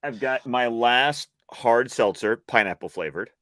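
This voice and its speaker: A man's voice: mid-range voice, unhurried, dry recording. A man joining a live stream as a guest, chatting casually and rambling with frequent laughs. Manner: animated, rambling, laughs often. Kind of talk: casual chat among friends.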